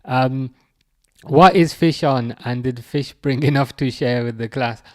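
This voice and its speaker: A man's voice: medium pitch, a little slow. Chatty English man streaming football. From England. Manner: chatty, reads chat messages aloud, teasing. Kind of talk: casual live-stream chat.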